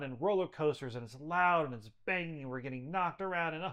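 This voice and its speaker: A health practitioner who works with patients appears as a podcast guest, telling stories in a conversational interview and driving his points home through earnest, emphatic repetition. His fairly high, sharp voice is brisk, with hardly any pauses.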